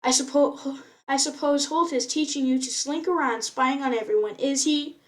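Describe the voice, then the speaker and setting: An arrogant teenage apprentice warrior, read aloud by a woman, sneering and sarcastic at everyone around him. His lines come out higher and louder than the narration. Every jab drips with mockery. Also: fairly even intonation, moderate pace, close to an everyday voice. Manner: sarcastic, mocking.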